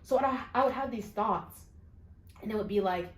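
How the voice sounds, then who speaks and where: A woman co-hosting a podcast, talking in an earnest, expressive way and laughing easily. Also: mid-range voice, normal speed, reverberant, rough recording. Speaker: podcast co-host. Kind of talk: casual chat.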